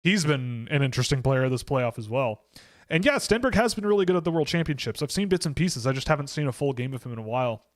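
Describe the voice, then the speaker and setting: A man with a slightly higher voice talks through a casual live stream in a loose, rambling way. He stops and restarts often and fills the gaps with "like" and "um". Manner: rambling, self-correcting, many fillers. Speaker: hockey draft analyst hosting a live stream.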